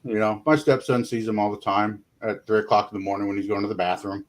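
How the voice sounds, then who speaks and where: A man talking as a paranormal investigator guest in a casual interview, rambling and folksy, filling pauses with "you know". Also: lowish voice, fairly even intonation.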